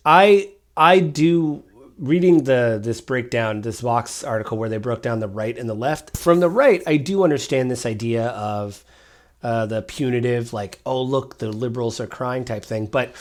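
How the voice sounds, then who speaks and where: A man co-hosting a casual political podcast, telling stories in a rambling, animated way. His pitch sits in an ordinary middle range. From Washington State. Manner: animated storytelling, rambling asides. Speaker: podcast co-host.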